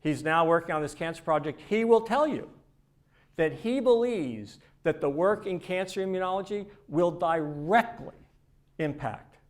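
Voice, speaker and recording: Emphatic man giving a keynote speech. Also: on the high side. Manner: emphatic, conversational, with repeated words. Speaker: keynote speaker for a research charity. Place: conference stage before an audience.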